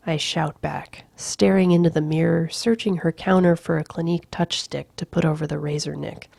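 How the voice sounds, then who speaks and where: A woman reads a novel aloud audiobook-style, slow and hushed, now and then dropping to a whisper. Her low, gravelly voice keeps fairly even intonation, and the sound is dry and close with no room echo.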